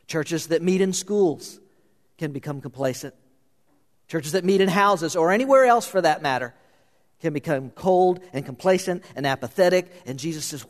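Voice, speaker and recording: Guy preaching in a church hall, high voice, gets fired up and pleading, long echo. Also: lively intonation, moderate pace. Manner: impassioned, rising to pleading intensity. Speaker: pastor. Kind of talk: sermon.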